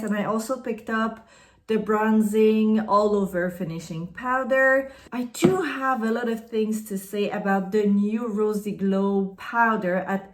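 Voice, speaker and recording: Woman, from Canada, French native speaker, beauty vlogger, chatty, rambling, close camera mic. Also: a little high. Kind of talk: casual unboxing and review vlog.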